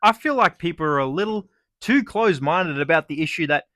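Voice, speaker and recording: A man's voice: fairly high pitch, expressive, a little fast, a bit bright, no echo, clean studio sound. A young man with an Australian accent delivering a sarcastic, sweary comedic rant. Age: young adult. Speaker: vlogger.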